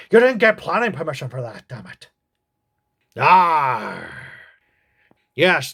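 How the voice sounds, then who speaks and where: A man hosting a comedic TV review, mocking the episode with crude, deadpan jokes. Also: medium pitch.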